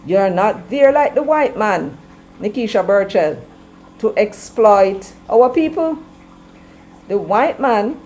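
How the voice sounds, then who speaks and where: A middle-aged woman with a Jamaican accent, delivering opinionated political commentary in a forceful, preachy way and slipping into patois. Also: mid-range voice, lively intonation, takes it slowly, slight background noise, rough recording.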